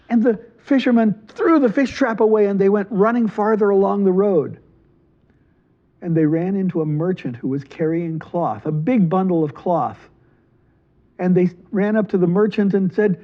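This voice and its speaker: Male children's storyteller, high-pitched, animated delivery, muffled lo-fi audio. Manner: lively, animated, switches into quick character voices. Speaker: library storyteller.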